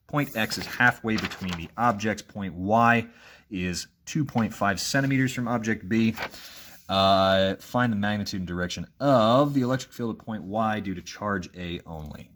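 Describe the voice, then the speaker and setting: Male physics teacher, low voice, casual recorded review walkthrough, thinks aloud. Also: a bit bright. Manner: casual, frequent "okay?" checks, thinking aloud.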